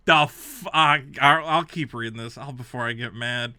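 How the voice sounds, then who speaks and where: A man hosting a comedic reaction rant. He is exasperated and sarcastic, jumping between loud outbursts and low mutters. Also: unhurried, dry recording. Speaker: host reacting to a game console review.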